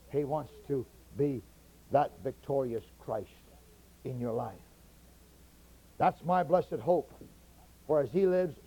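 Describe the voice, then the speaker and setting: A man preaching a sermon to his congregation, moving between quiet teaching and loud, fervent passages where he stretches key words. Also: a little high, muffled recording.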